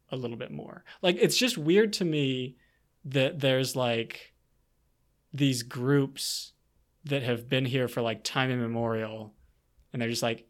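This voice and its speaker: Rambling, animated man chatting about a book. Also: medium pitch. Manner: rambling, animated, lots of fillers and restarts. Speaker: podcast co-host. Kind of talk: casual book discussion.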